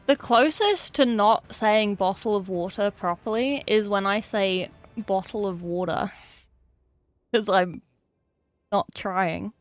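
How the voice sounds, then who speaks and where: A woman's voice: mid-range voice, slow, faint music behind. An English woman chatting casually on a livestream, chatty and swearing freely with exasperated asides. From England. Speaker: streamer.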